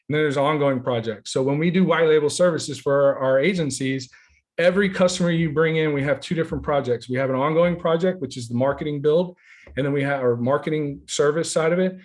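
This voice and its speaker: A man walking through his software in a casual webinar, talking in a rambling, enthusiastic way with many fillers. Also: mid-range voice. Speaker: software founder giving a demo.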